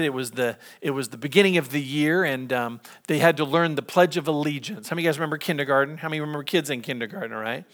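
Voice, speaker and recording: A middle-aged man preaching a sermon as pastor, conversational and storytelling, slipping into lively impressions. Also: medium pitch.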